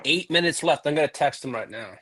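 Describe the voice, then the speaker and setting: A man co-hosting a casual sports podcast who reads out news items in a steady, unhurried way. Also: a little high, breathy edge. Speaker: podcast co-host reading news.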